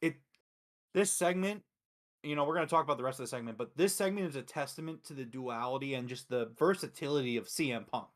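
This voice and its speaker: A man hosting a wrestling review show in casual chat, excitable and profane, retelling events with quick acted quotes. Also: medium pitch.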